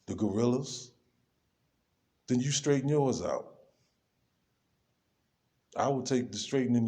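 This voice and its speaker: A man's voice: mid-range voice, dark tone. A man vlogging, ranting to the camera in a loose, rambling way, full of slang and asides to himself. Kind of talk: rambling casual rant to camera.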